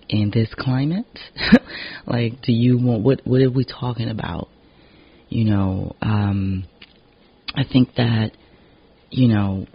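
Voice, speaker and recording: Husky, slow-talking exhausted man venting. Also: lowish voice. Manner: frank, swears often, many "you know" fillers. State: emotionally exhausted. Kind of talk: casual personal monologue. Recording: dull lo-fi recording.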